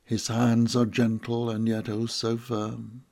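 Male storyteller, slow and gravelly, intimate confessional monologue. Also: mid-range voice, monotone, a little mellow. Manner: slow, reflective and intimate, rising to emotional outbursts. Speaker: narrator. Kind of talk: first-person dramatic monologue.

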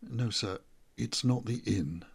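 A man's voice: on the low side, slow pace, creaky, slightly rough, exaggerated voice. A man voicing a polite, apologetic male village elder who speaks hesitantly and deferentially in a storybook reading.

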